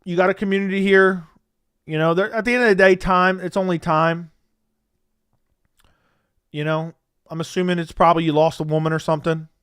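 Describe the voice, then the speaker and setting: A young man hosts a relaxed livestream, thanking donors and chatting with his viewers. His voice sits fairly high and comes through smooth and clear. It sounds close and dry at a desk mic. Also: fairly quick, pauses often, dry recording. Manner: laid-back, thanks viewers often, repeats himself. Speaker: livestream host reading donations. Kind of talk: casual livestream chat.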